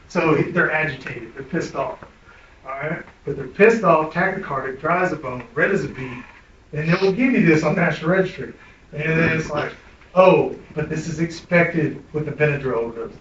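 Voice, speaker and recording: A middle-aged EMS instructor, salty and blunt, fires questions at his class of medics between stories in a fairly quick lecture. His slightly high voice has a bit of brightness, though the distant mic in an echoey room leaves it dull and lo-fi with faint noise behind it.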